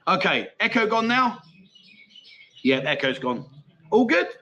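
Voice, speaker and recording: Bright, high-voiced chatty man. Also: sing-song, unhurried. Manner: chatty, cheeky banter, reads out viewer comments. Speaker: livestream host. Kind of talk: casual livestream chat.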